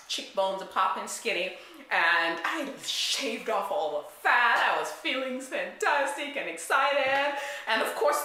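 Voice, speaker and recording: A woman telling a personal story in a lively way, acting out quoted remarks and often checking in with "right?". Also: medium pitch. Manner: animated, acts out quotes, frequent "right?" asides. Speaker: weight-loss coach. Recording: very echoey room.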